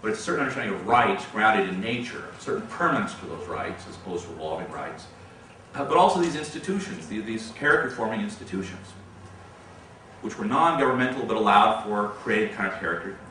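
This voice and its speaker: A man lectures in a lecture hall, his bright, slightly low voice ringing through a strongly reverberant room. He is picked up from a distance with faint background noise. He speaks in a measured way, often repeating words as he starts a sentence. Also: lively intonation. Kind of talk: lecture answering audience questions.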